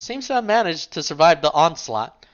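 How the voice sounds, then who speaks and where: A man's voice: fairly high pitch, sing-song, moderate pace, lo-fi sound. A man narrating a tabletop role-play game in a casual way, feeling lightheaded. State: lightheaded, unwell. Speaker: game master.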